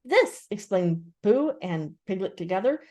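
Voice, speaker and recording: Older lady reading a kids' story, lively rise and fall, warm mellow tone. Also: medium pitch, normal speed. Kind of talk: reading a children's book aloud.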